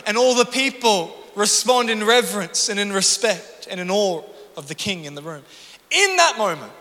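A man's voice: high voice, expressive, moderate pace, sharp tone. A man preaching a sermon from a church stage, telling a personal story and building to emphatic preaching. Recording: long reverb of a church hall.

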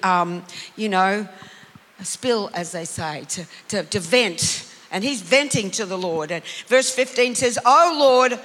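A preacher delivers an emphatic sermon, calling out to the congregation and then easing into quiet, reflective passages. The tone is bright and forceful. The voice rings with a long reverb from a large hall. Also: mid-range voice.

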